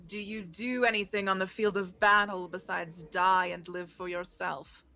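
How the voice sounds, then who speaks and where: A woman's voice: lowish voice, little pitch movement, normal speed, sharp tone. A woman voicing a proud, stern female knight who rules a castle, speaking in a formal, commanding way.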